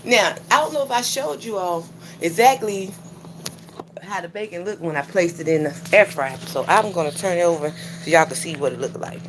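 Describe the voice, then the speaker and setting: A woman with a fairly low-pitched voice cooks breakfast live at home, chatting casually and addressing her viewers directly as a cooking vlogger. She talks at a normal speed, and background noise can be heard.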